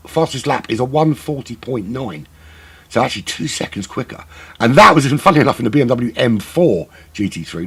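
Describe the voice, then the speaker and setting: A man's voice: medium pitch, gravelly, a bit bright, breathy edge. A middle-aged man doing live sim racing commentary, rambling and joking at his own expense to fill the time. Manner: rambling, self-mocking waffle. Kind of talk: live race broadcast commentary, filling time.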